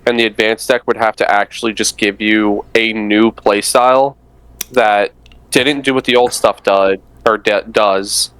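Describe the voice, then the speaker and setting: A man with a lowish voice chats about card decks and tosses in wry jokes. The sound is close and dry, with no room around it. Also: steady tone, unhurried, fairly bright tone, clear, resonant tone, dry recording. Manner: wry, joking asides. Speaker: podcast co-host. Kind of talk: casual chat about card games.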